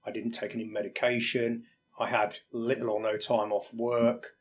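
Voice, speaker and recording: Candid, halting male firefighter guest. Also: mid-range voice, level tone. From England. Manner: candid, halting, acts out quoted exchanges. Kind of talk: reflective interview talk.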